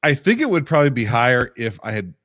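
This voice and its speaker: A man hosting a casual film podcast, talking in halting restarts and swearing casually. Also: medium pitch, very animated, fairly bright tone, dry recording, clean studio sound. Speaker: podcast host. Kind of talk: casual film-ranking chat.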